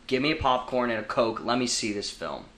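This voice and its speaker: A man's voice: medium pitch, expressive, brisk, sharp tone. Earnest podcast guy in a roomy space. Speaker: podcast co-host. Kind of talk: casual film chat. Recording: roomy with light noise.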